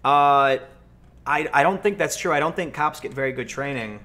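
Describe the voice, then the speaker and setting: An American man hosting a livestream, answering chat questions and telling stories in a casual, animated way. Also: fairly high pitch, moderate pace. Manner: animated storytelling, acts out voices in anecdotes. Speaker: livestream host.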